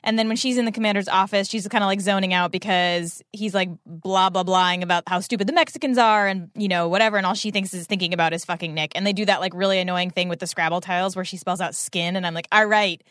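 A woman's voice: medium pitch, fast talker, hardly any pauses, no room sound, clean studio sound. A woman co-hosting a podcast, recapping a TV episode in casual chat with lots of fillers. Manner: rambling, filler-heavy, animated retelling. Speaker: podcast co-host.

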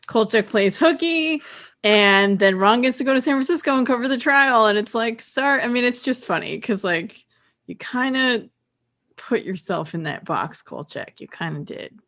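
A woman's voice: fairly high pitch, moderate pace, a bit bright. Easygoing woman on a podcast, chill casual chat, agrees a lot. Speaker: podcast co-host.

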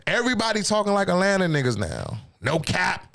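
A man's voice: sits high, sing-song, brisk, creaky, a bit bright. A middle-aged man from the D.C. area with a DMV accent, hosting a podcast in rambling, profane casual chat and laughing often. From Washington, D.C. area. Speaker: podcast host.

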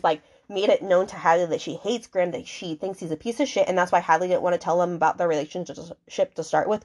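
A woman hosting a book podcast, recapping the story in a casual, chatty way, full of fillers, swearing and indignant asides. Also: on the low side.

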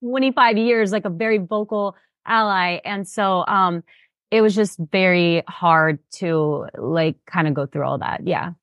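Chatty animated woman, dry close sound. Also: on the low side, unhurried, no echo, highs cut off. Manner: animated, laughing, lots of fillers. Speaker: reality show contestant guest. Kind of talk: casual interview chat.

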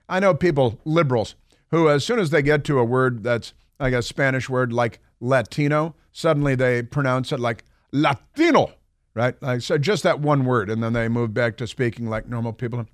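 Male talk radio host, mid-pitched, sarcastic and mocking monologue, dry close studio sound. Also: a bit bright, no room sound.

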